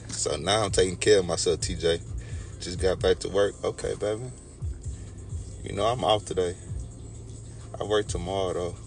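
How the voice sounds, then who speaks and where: A man's voice: sits low, fairly even intonation, normal speed, vocal fry, long pauses, faint music behind. Laid-back young Texas man on a morning livestream. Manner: laid-back, talks to chat by name. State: just woke up, sipping coffee. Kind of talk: casual livestream chat.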